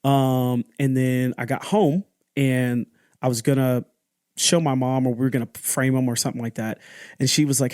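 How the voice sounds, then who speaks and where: A young adult man hosting a podcast, telling a personal story in a candid, halting way, often restarting and acting out what people said. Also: mid-range voice, little pitch movement, darkish tone, no echo, clean studio sound. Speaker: podcast host.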